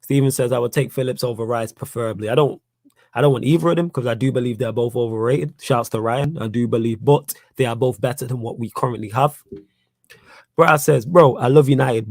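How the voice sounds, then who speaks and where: A man's voice: mid-range voice, a little mellow, no room sound. A young man with a Manchester accent hosting a live fan Q&A stream, blunt and repetitive, getting heated as he argues his points. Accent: Manchester English. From Manchester, England. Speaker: fan channel host.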